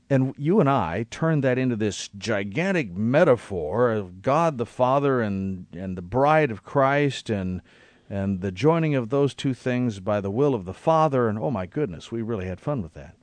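A man's voice: medium pitch, lively intonation, unhurried, darkish tone, no echo. A man reading scripture aloud and reflecting on it in a conversational Bible study. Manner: reads scripture aloud, then reflects thoughtfully.

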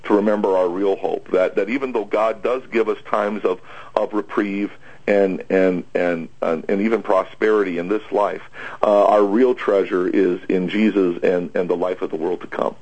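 Pastor, male, lowish husky voice, hesitant unscripted radio talk with frequent fillers. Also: fairly even intonation, a little mellow, dull audio. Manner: halting, many fillers and restarts. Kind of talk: conversational Bible discussion.

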